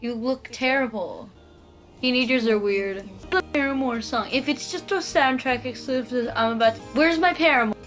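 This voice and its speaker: A woman's voice: a little high, moderate pace, fairly bright tone, faint music behind. Chatty, rambling eighteen-year-old girl. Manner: chatty and rambling, laughs often, many "like"s. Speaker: vlogger reacting to a movie. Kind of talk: casual chat.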